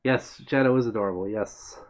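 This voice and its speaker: A man's voice: lowish voice, brisk. A man hosting a livestream, chatting casually and greeting viewers by name as he reads their comments. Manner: friendly, meandering, answers chat by name. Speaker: livestream host.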